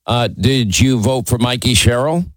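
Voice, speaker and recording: A man's voice: mid-range voice, moderate pace, dry recording, poor audio. Blunt mocking male radio host. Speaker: radio talk show host. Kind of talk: combative call-in radio talk.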